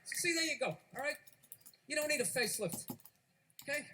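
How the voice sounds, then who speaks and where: A middle-aged man doing a stand-up comedy routine, ranting loudly with profanity and shouted outbursts. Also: very high voice, fairly quick, a little hiss or hum.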